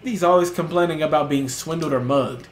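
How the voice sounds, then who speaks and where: A young man doing casual, joking let's-play commentary, reacting loudly with slang and laughter. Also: on the high side, a little fast. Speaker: gaming streamer. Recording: roomy with music in background.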